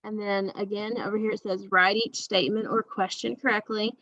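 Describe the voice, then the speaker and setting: A woman teacher walks young students through a recorded lesson, steady and patient, checking in with an okay every few sentences. Her voice is dry and close, with no room around it. The sound is slightly dull and muffled. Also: mid-range voice, brisk, no room sound. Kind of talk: recorded remote class lesson.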